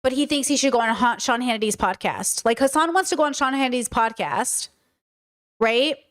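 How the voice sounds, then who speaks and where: A woman with a high voice giving casual live-stream commentary on clips. She talks emphatically and keeps asking rhetorical questions. Her speech is full of fillers. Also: a little fast, a bit bright.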